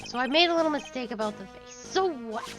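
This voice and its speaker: A woman's voice: high-pitched, animated, fairly quick, music in the background, low-quality recording. A woman voicing an angry, cranky old man who barks and rants indignantly. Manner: gruff, barking, indignant.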